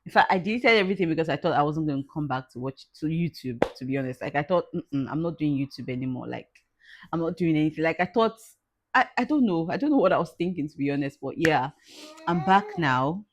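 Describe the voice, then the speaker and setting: A woman with a deep, low voice speaks straight to her viewers in a personal vlog. She talks haltingly and circles back over the same words. At times she is crying as she talks. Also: lively intonation. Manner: tearful, halting, repeats herself. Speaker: vlogger.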